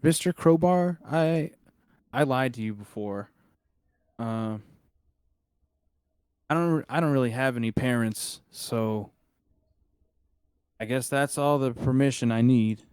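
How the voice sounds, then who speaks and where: A man's voice: medium pitch, very animated, normal speed, few pauses, warm tone, slightly rough. A man doing an earnest, stammering young boy. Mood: tearful. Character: boy, tearful and eager.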